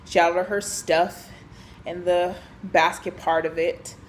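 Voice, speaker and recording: Young woman, casual storytime vlog, animated, filler-heavy. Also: on the low side, measured pace, slight background noise. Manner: chatty, animated, lots of fillers and quoted dialogue. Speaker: vlogger telling a work story.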